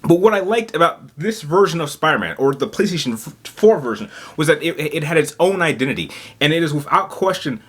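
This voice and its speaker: A man's voice: fairly high pitch, animated, fairly quick, few pauses, a bit bright, slightly rough. A man hosting a gaming vlog, talking casually in an agitated, emphatic rant, stumbling and repeating words as he goes. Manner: rambling, repeats words and restarts often. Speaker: gaming YouTuber.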